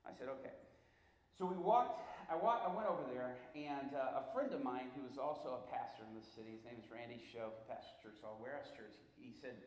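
A middle-aged man preaching and telling a story, lively and rambling as he restarts his sentences and slips into the voices of others. His voice has a middling pitch and carries through a roomy hall with a faint hum of ambience behind him. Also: brisk. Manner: animated, rambling, frequent restarts and quoted voices. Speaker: pastor. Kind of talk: sermon storytelling.

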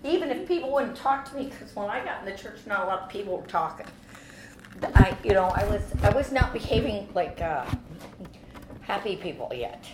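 A woman telling a personal faith testimony as an animated story, with frequent restarts and repeated words. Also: mid-range voice, a little fast, roomy sound, heavy background noise. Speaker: speaker giving a personal testimony.

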